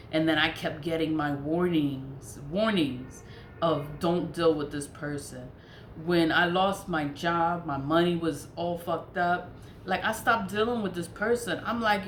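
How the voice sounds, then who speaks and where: A woman's voice: lowish voice, fairly bright tone. A woman telling a personal story in a casual monologue, blunt and profane, repeating herself for emphasis. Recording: echoey room with faint background noise.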